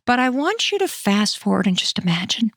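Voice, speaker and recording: A woman in her fifties hosting a solo podcast, talking straight to listeners in an animated way, sometimes acting out her own thoughts with sighs and whispers. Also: a little high, brisk, gravelly, dry recording, clean studio sound. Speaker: podcast host.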